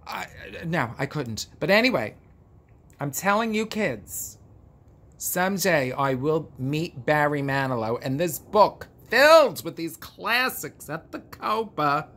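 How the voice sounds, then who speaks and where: A man's voice: fairly high pitch, expressive, slow, fairly bright tone. A man hosting a casual vlog, telling a story in a theatrical, gushing, camp way and drawing out words. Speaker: vlog host. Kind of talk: casual chat monologue.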